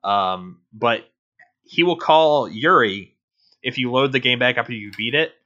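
A man's voice: mid-range voice, a little slow, pushed and bright, highs cut off. A man co-hosting a casual game review podcast, rambling and restarting his sentences, swearing offhandedly. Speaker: podcast co-host.

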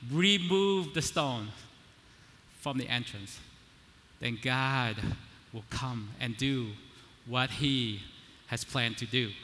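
Man, preacher, sermon, conversational, emphatic, bright voice, long hall reverb. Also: mid-range voice, slight background noise. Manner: conversational, often checking in with "right?"; emphatic, building to loud declarations.

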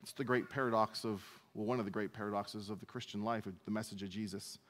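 A man's voice: lowish voice, steady tone, quick pace, a bit bright, in a large hall. A male pastor preaching a sermon in a conversational, self-deprecating way. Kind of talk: sermon, verse-by-verse teaching.

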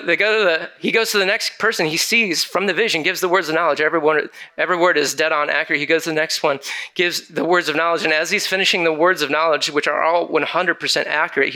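A man preaching in a storytelling sermon, his voice very bright and slightly higher than most. He acts out the people he quotes and keeps the story moving for the room.

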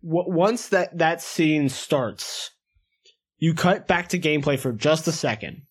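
Man, slightly high pitch, teasing, quick interjections, podcast co-host. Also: breathy edge. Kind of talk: casual podcast chat about video games.

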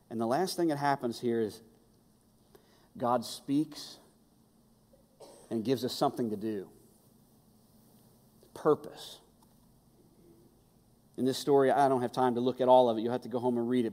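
A man's voice: medium pitch, normal speed, darkish tone. A man preaching a sermon, emphatic and impassioned, hammering his points home by repeating key phrases. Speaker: pastor. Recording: long hall reverb.

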